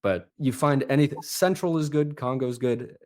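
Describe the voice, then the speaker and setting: A man, a guest accent coach, chatting casually on a podcast in an animated, storytelling way. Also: medium pitch, moderate pace. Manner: animated storyteller, lively asides.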